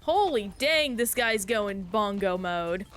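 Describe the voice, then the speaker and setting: A woman streamer in casual, chatty conversation while playing a game, reacting aloud in an animated way. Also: medium pitch, takes it slowly, faint music behind. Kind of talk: casual gameplay chat.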